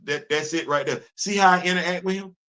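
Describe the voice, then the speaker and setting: Emphatic bright-voiced man hosting. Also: high-pitched, fairly quick. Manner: emphatic, preachy, repeats himself. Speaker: host. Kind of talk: casual livestream commentary.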